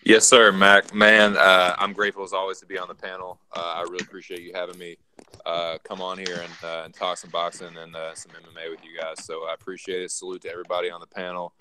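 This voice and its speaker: Deep sharp voice guy, talks fast and flat, says thanks a lot. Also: noisy background. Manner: grateful, polite, filler-heavy. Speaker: boxing panel guest. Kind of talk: casual sign-off.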